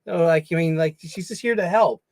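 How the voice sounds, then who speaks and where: A man's voice: a little high, a little fast, a little mellow, no echo. Playful man hosting a livestream, dry sound. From United States. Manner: playful, jokey, talks to stuffed animals. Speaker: livestream host. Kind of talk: casual solo livestream chat. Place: home studio.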